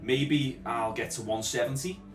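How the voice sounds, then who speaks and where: A man's voice: medium pitch, unhurried. A man co-hosting a podcast as a gym coach, chatting loosely with lots of "like" fillers. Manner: relaxed storytelling with many "like" fillers. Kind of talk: casual chat. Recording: echoey room, far from mic, music behind.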